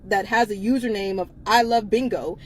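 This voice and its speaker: A woman hosts a casual livestream in a mid-range, steady voice at normal speed, speaking bluntly and swearing a lot. She laughs often between lines, and the low-quality recording carries a little hiss or hum.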